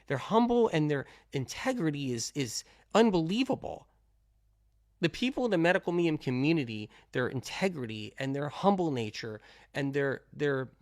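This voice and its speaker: A man's voice: no room sound, studio quality. Emphatic man full of rhetorical questions. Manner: swings between loud outbursts and low-key talk. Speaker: health talk host. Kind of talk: animated monologue.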